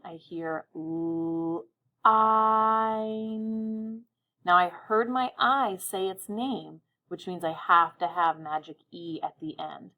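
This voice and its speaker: Slow, patient woman teaching phonics. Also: fairly low pitch, dull audio. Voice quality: slow, carefully sounds out words. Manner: patient, encouraging, stretches words out. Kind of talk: phonics lesson dictation.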